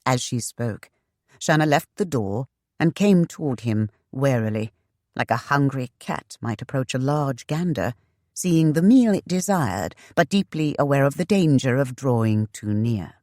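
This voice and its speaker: Measured audiobook narrator, dry recording. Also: mid-range voice, expressive, darkish tone, no echo. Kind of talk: scripted narration.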